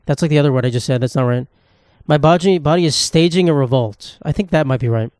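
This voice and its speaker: A man's voice: on the high side, quick pace, a little mellow, clear, resonant tone, no room sound, studio quality. A man in his twenties hosting a solo podcast, rambling with crude, self-mocking humor. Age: 20s. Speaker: podcast host. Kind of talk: casual solo podcast monologue. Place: indoor room, at a table.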